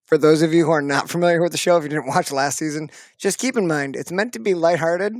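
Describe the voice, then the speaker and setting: A man's voice: on the high side, quick pace, no echo, studio quality. A man co-hosting a podcast, chatting casually, laughing often and teasing. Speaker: podcast co-host. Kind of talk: casual chat.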